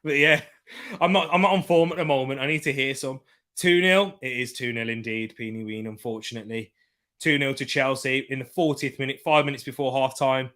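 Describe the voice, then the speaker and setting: Male host, casual live football watchalong commentary, rambling and repetitive, mid-pitched voice, chatting with his viewers. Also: fairly quick, a bit bright. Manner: rambling, repeats himself, reads out chat comments.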